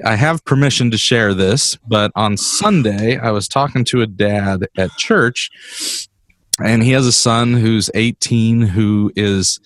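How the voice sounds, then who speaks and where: A man's voice: on the low side, no room sound. A man co-hosting a podcast, chatting casually and telling a story with teasing asides. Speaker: podcast co-host. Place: California.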